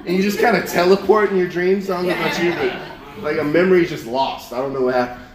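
A young man preaching a sermon to a congregation, telling a story in an animated way with repeated words and frequent laughs. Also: a little high, quick pace, a crowd in the background. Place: church hall. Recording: echoey room with a congregation. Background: congregation responding.

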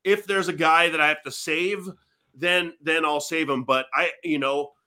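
A man on a casual fan podcast with a bright, forceful, slightly high voice. He wanders through his reasoning, piling up "you know"s as he goes. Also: steady tone, moderate pace. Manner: rambling, many "you know" fillers. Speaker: podcast co-host. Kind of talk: casual sports podcast chat.

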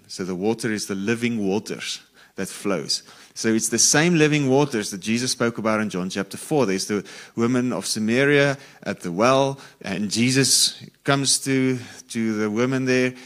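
A man teaching from the Bible, reading verses aloud and then explaining them in a relaxed, conversational way. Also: lowish voice. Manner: reads scripture aloud, then explains it informally with asides. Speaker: preacher.

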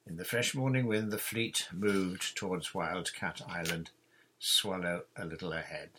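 A man reading a children's adventure novel aloud in a steady, measured storybook narration. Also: deep voice, slight background noise. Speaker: audiobook reader.

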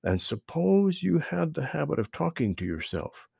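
A man reading a children's animal story aloud in an expressive storytelling voice. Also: on the high side, normal speed, creaky, slightly rough, no echo, studio quality.

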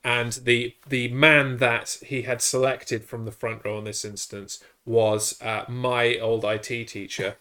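A man's voice: medium pitch, little pitch movement, measured pace, few pauses, pushed and bright. A man in his thirties co-hosting a podcast, telling stories in casual chat with dry, wry asides. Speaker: podcast co-host.

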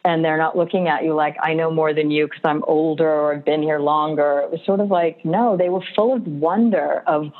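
A woman being interviewed, telling animated stories about her career with frequent laughter. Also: deep voice, a little fast, hardly any pauses. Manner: animated storyteller, laughs often. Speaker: guest. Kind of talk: casual interview chat. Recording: tinny phone-like line.

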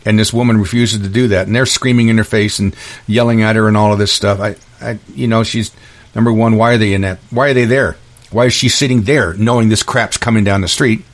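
A man hosting a solo podcast, delivering an angry ranting monologue full of restarts and repeated words. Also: mid-range voice. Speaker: podcast host.

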